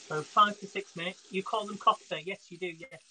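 A man's voice: high voice, fairly even intonation, moderate pace, pushed and bright, a little hiss or hum, low-quality recording. Man, chatty live cooking host, home kitchen, phone mic, frying sizzle behind. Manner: chatty, talks straight to viewers. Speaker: home cook hosting a live stream. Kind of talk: casual live cooking demo.

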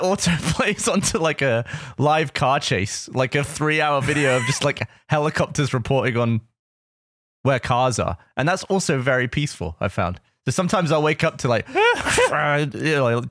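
A man chats on a podcast in an amused, offhand way, laughing through his words. His pitch swings lively up and down, and the sound is dry and close. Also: moderate pace, dry recording. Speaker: podcast co-host. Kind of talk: casual podcast chat.

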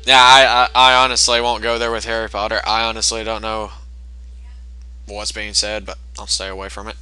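A man's voice: on the low side, flat delivery, a little fast, pushed and bright, smooth. A man commenting on a game as he plays it, joking, swearing and voicing the on-screen text in mock tones. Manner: jokey, profane, reads the game text aloud in mock voices. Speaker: gameplay commentator. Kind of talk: let's play commentary. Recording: game music behind.

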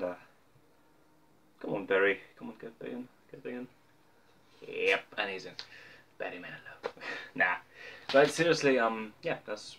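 A man's voice: on the low side, sharp tone. A young man talking casually to camera about his records, rambling and joking at his own expense with lots of fillers. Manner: rambling, joking, self-mocking, many fillers. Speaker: vlogger showing his record collection.

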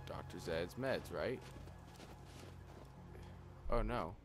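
A man's voice: low-pitched, drawn-out words, over loud music. Sarcastic man joking over gameplay. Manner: sarcastic, rambling, self-mocking jokes. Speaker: gameplay commentator. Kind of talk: casual let's play commentary. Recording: noisy game audio behind.

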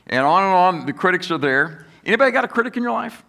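A pastor with a high-sitting, gravelly, sharp voice preaches animatedly and quickly. He keeps the sermon conversational, asking the congregation questions and putting on critics' voices for quoted lines.

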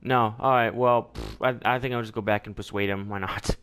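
A young man giving excitable let's play commentary, often yelling and laughing at the game. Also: fairly low pitch, a little fast, clear, resonant tone. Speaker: gameplay commentator.

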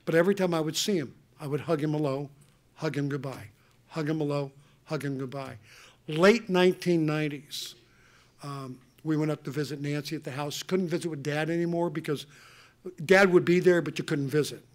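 An older man answering an audience question at a conference, telling personal family stories in an earnest, animated way with many restarts. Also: fairly high pitch, a little fast. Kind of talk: emotional personal storytelling. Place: conference hall.

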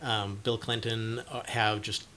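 A young man giving casual advice to camera, speaking haltingly with many fillers and restarts, and growing animated when he acts out an excited parent. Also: on the low side, a little hiss or hum. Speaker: video presenter on cluttering.

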